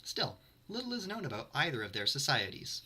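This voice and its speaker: A man's voice: medium pitch, wildly swooping pitch, fairly quick, sharp tone, slight background noise. A man streaming to his chat, reading lore aloud and breaking off for dry, sarcastic, self-mocking asides.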